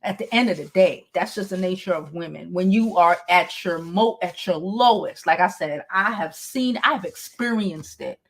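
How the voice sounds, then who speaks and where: A young adult woman hosting a gossip and advice show, chatting casually to her livestream viewers, animated, laughing often and swearing freely. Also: on the low side, normal speed, creaky, hardly any pauses.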